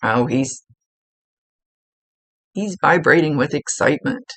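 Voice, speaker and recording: A woman's voice: sits low, lively intonation, slow pace, no echo. A woman working as a psychic medium, talking through a casual one-on-one reading in a chatty, rambling way, often restarting her sentences.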